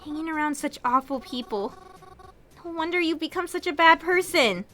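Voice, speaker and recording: A woman's voice: sits high, moderate pace, sharp tone, slight background noise. A woman reading game dialogue aloud as a hurt, sensitive young woman who speaks in a wounded, accusing way.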